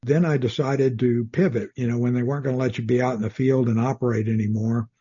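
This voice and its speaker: Calm, soothing older man, husky. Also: mid-range voice, fast, muffled recording. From South Texas. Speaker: guest, retired Army officer. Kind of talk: casual interview.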